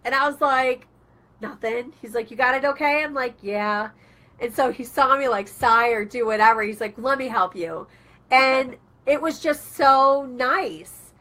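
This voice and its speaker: In a high voice at a slightly slow pace, this online talk radio host chats casually with listeners. Her storytelling is animated, with little tales acted out in quoted voices.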